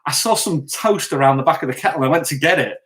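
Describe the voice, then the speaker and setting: A man's voice: a little high, animated, quick pace, a bit bright. A man co-hosting a casual live stream, talking bluntly and rambling as he answers viewer comments.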